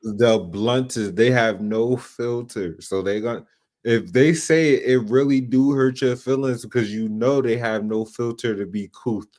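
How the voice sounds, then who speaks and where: A man's voice: medium pitch, a little slow, a little mellow. A man hosting a late-night streaming show, chatting casually in slangy, laid-back talk. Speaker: show host. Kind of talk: casual chat.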